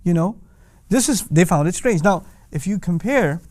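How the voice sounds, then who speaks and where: A man lectures on the language of the Quran with animated emphasis, pressing his points with rhetorical questions. His voice sits a little high for a man. The sound is dry and close, with no room around it. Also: normal speed, dry recording. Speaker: Quran teacher.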